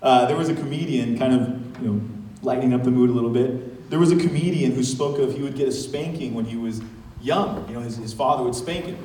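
A man preaching as pastor in a conversational, animated way, with casual asides and laughter. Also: medium pitch, brisk, roomy sound, distant mic, a little hiss or hum, poor audio. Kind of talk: sermon. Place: church sanctuary.

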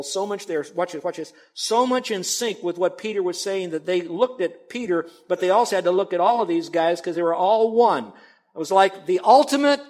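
A man preaching from the pulpit with a slightly higher voice than most men. He teaches earnestly and emphatically, swinging between loud stresses and quiet asides. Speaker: pastor. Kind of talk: expository sermon.

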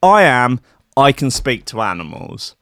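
A man's voice: mid-range voice, sing-song, measured pace, fairly bright tone, no room sound, studio quality. A man voicing an eccentric middle-aged woman who insists she can talk to animals, raising his voice to sound earnest.

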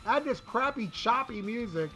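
A man's voice: very high voice, lively intonation, moderate pace, sharp tone. A man co-hosting a casual talk show, ranting and mocking with lots of swearing. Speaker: podcast co-host reviewing an album. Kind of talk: casual chat.

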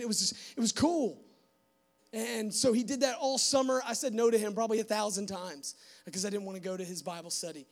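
A young man giving a church testimony to a live audience, animated and full of fillers, acting out bits of dialogue. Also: very high-pitched, brisk, gravelly. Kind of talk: sermon testimony storytelling.

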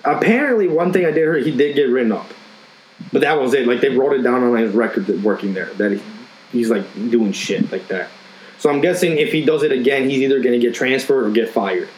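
A man's voice: mid-range voice, fairly quick. Blunt, swearing young man in a roomy space. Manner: heavy swearing, blunt and heated. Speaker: factory worker. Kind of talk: casual chat. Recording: roomy sound with faint noise.

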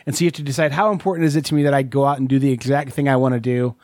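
A man's voice: medium pitch, steady tone, very fast, a little mellow, dry recording, studio quality. A man co-hosting a casual board game talk, rambling with lots of fillers and restarts. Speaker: podcast co-host. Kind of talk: casual chat.

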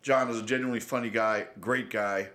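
A man's voice: lowish voice, steady tone, brisk, a bit bright. A man hosting a podcast in casual, blunt and profane chat. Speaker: podcast host.

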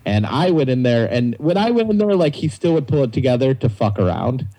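Laughing comedian man, dark husky voice. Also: medium pitch, a little fast, poor audio. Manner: animated storyteller, laughs through his own stories. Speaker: comedian guest. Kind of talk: casual storytelling chat.

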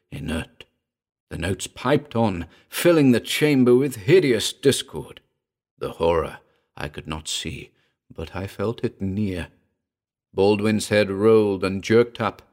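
A narrator with a very deep, gravelly voice reads a first-person horror story aloud, his low notes rough-edged. He sounds grave and measured, moving slowly through the tale and keeping the mood dark and serious.

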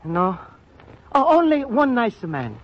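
A man's voice: extremely high pitch, wildly swooping pitch, slow pace, full character voice. An actor playing a naive, earnest Italian immigrant man with an Italian accent, speaking polite, broken English in 1940s radio acting. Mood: earnest, worried. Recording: dull lo-fi old radio recording with hiss.

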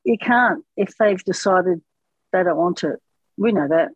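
A woman's voice: fairly low pitch, unhurried, breathy edge, no room sound. A woman in a casual chat, encouraging and supportive, giving short agreeing replies. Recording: dry, dull lo-fi sound.

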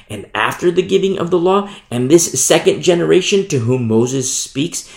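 Emphatic preacher with a gravelly voice. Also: male voice, a little high, darkish tone. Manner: emphatic, repeats "you see?". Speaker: pastor. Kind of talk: sermon. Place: church hall. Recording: echoey room.

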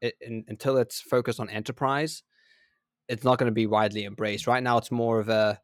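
A man's voice: medium pitch, brisk, no room sound. Dry-sounding man ranting incredulously. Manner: animated, incredulous rants with laughs. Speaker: podcast co-host. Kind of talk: casual chat.

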